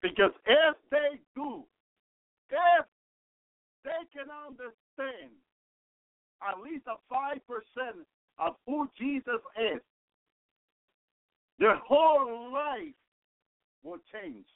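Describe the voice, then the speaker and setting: Fervent male radio preacher, high voice, dry close sound, repetitive praise. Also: expressive, slow pace, long pauses, dry recording. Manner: repeats phrases, fervent exclamations of praise. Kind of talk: sermon. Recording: tinny phone-like radio broadcast.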